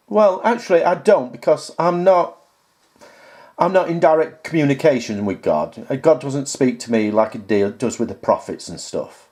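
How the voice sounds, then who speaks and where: A man's voice: medium pitch, very animated, normal speed, darkish tone. A man talking to camera as a YouTuber, reading viewer comments aloud and rebutting them point by point in a sarcastic, exasperated way. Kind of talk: casual talk to camera.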